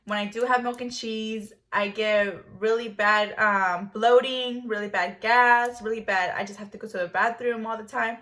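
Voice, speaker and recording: A woman's voice: on the high side, fairly even intonation, moderate pace, hardly any pauses, a bit bright. A young woman in her twenties telling a personal story in a vlog, blunt and stuttering, with plenty of swearing. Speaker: vlogger.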